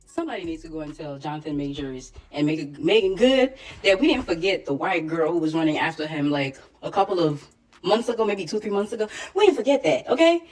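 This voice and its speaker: A woman's voice: deep voice, very animated, a little fast, a little mellow, distant mic. A woman giving casual opinions in a sassy, teasing way, laughing often. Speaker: commentator.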